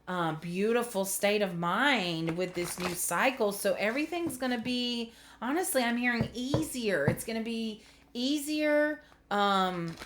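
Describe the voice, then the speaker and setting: A woman's voice: mid-range voice, fairly bright tone, slight background noise. A woman giving a casual spiritual tarot reading, chatty and earnest, getting emotional as she talks. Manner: chatty, earnest, trailing off into filler words. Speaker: tarot reader.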